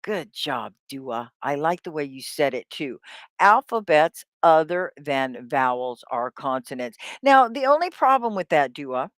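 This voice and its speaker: Woman teacher, low voice, animated pitch, slow and deliberate, dry close sound. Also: no room sound. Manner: upbeat, encouraging, talks to chat viewers by name. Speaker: ESL teacher. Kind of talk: live online English class.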